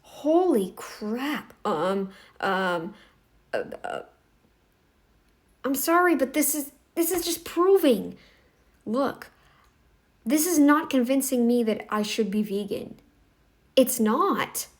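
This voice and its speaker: A woman's voice: on the high side, animated, takes it slowly, long pauses. A woman giving casual reaction commentary in a blunt, scolding, emphatic way.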